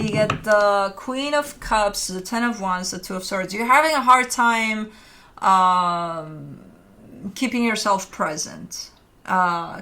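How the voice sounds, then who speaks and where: A woman's voice: medium pitch, creaky, bright, forceful tone. A woman giving a casual tarot reading at home, offering frank, reassuring advice with plenty of filler words. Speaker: tarot reader.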